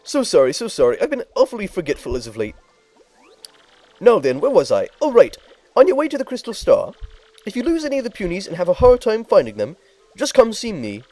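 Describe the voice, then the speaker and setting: A man's voice: high voice, wildly swooping pitch, brisk, a little mellow, soft background music, pitched above the performer's own voice. A man voicing a crotchety, bossy old female tribal elder in a game playthrough, scolding and barking orders. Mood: explaining.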